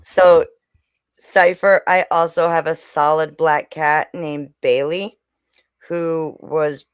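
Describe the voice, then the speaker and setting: Woman co-host, casual chat, unhurried, dry close sound, coos at pets between sentences. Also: low-pitched, smooth, no room sound. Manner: chatty, coos and talks to her pets while speaking.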